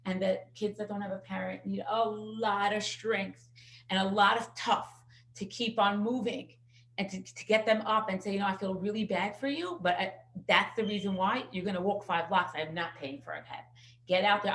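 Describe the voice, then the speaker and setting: A woman teaching a parenting class in a casual, animated storytelling way, acting out what people said and dropping in Yiddish words. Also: mid-range voice, slight background noise. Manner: animated storyteller who acts out quotes and sprinkles in Yiddish words. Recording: echoey room.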